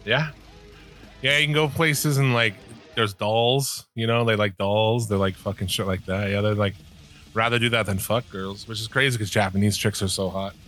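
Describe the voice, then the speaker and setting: A man's voice: on the low side, fairly even intonation, moderate pace, fairly bright tone, soft background music. A middle-aged man in casual, crude conversation, rambling through stories with lots of swearing and laughing.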